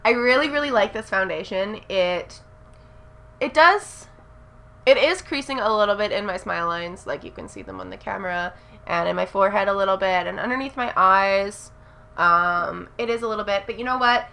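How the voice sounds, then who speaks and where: Bright-voiced gushing young woman vlogger. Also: medium pitch, moderate pace, gravelly. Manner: gushing, gasping and squealing with excitement. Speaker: beauty vlogger. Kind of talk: casual makeup haul review.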